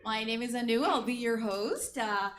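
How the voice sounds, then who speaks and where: A woman with a fairly high voice hosts a comedy night and runs through her stand-up set. She talks in a loose, chatty way, often breaking into laughter at her own lines. The mic picks up an echoey room. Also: normal speed, fairly bright tone. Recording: echoey live room recording.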